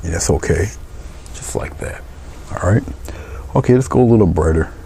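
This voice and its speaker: A man teaching painting step by step, calm and encouraging, his words often trailing off into soft murmurs. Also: low-pitched, moderate pace, gravelly, slight background noise. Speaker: painting instructor.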